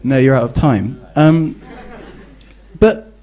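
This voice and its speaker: A man's voice: mid-range voice, slow pace, mellow. A young man with a British accent giving a competitive debate speech, joking and playful, often ending points with tag questions.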